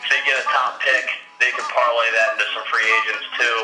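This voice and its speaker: A man's voice: mid-range voice, fast talker, over music. Casual man chatting sports, echoey room. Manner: relaxed, laughs often, hedging. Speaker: podcast co-host.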